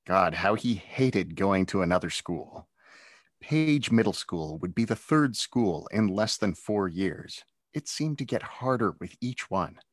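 A man's voice: low voice, expressive, a little slow, no room sound, clean studio sound. A man, an author, reading his own children's adventure book aloud as narrator. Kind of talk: storybook read-aloud narration.

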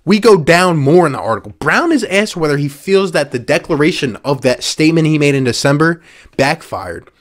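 A man's voice: on the high side, lively intonation, fairly quick. A man from the Philadelphia area hosting a sports show, ranting with sarcastic exasperation and repeating points for emphasis. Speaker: sports podcast host. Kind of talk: angry sports rant.

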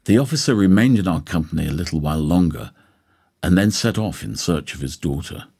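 A man narrates a novel in scripted, measured storytelling. His voice sits very low and carries a strong husky rasp. The reading has a lively rise and fall. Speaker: audiobook narrator.

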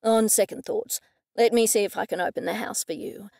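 A woman voicing a cool, curt male police detective who speaks in a dry, deadpan way. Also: mid-range voice, brisk, gravelly, no room sound.

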